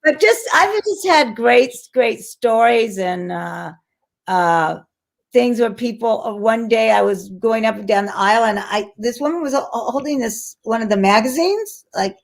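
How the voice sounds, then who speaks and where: Animated older woman telling stories. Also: on the high side, measured pace, creaky. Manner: animated, restarts often, acts out quoted voices. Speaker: actress guest. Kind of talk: casual interview storytelling.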